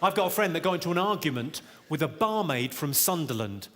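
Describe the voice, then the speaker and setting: A man's voice: on the high side, sing-song, fairly quick. Wry male stand-up comic, echoey hall. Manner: wry, punchline-driven delivery that teases the crowd. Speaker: stand-up comedian. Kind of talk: stand-up comedy routine. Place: large theatre venue with a live audience. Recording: echoey hall, loud audience laughter.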